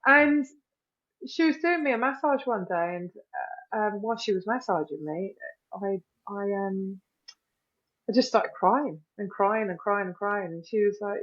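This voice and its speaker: A middle-aged woman talking candidly as a podcast guest, animated and full of "you know" fillers, acting out little quoted phrases. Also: medium pitch, normal speed, lo-fi sound.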